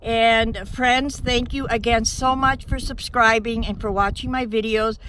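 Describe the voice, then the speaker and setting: Vlogging from her van campsite in the woods, a woman talks casually to camera for her viewers, earnest, grateful, and chatty, though out of breath. Her voice is on the high side and a bit bright, with fairly even intonation and an unhurried delivery. The recording carries a little hiss or hum.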